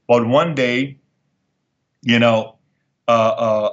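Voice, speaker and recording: A middle-aged man speaks as an interview guest, driving his points home by repeating them and letting feeling into his voice. His pitch sits in an ordinary middle range for a man. The recording sounds a little dull and lo-fi. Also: steady tone, normal speed. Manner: emphatic, repeats lines for effect, emotional storyteller. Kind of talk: candid storytelling interview.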